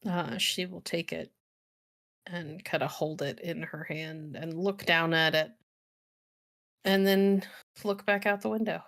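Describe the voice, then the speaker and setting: A woman narrating a tabletop role-playing game as storyteller, in a relaxed, filler-heavy way. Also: on the low side, unhurried, long pauses.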